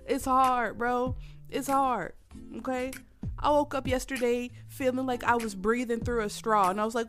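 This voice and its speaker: A woman's voice: high-pitched, fairly even intonation, moderate pace, fairly bright tone, soft background music. A woman hosting a casual solo podcast while sick and coughing, candid and rambling, laughing often and calling her listeners y'all. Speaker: podcast host.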